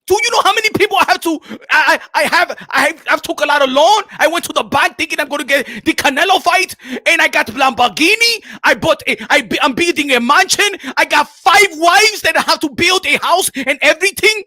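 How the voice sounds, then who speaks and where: A man's voice: very high-pitched, animated, a little fast, few pauses, dry recording, studio quality, voice pushed up, exaggerated voice. A man doing a ranting African boxer. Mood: desperate. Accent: put-on African. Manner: shouting, sing-song complaints. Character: boastful, indignant African male boxer. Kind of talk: comedic impression.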